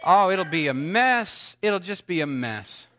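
A man preaching a sermon, shifting between playful ironic warnings and rising, exclaimed highs, with hushed asides in between. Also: sing-song, a little slow.

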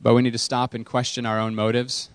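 A man's voice: medium pitch, monotone, brisk, dry recording. A man preaching a casual sermon to his congregation, candid and self-deprecating, repeating key words for emphasis. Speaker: pastor.

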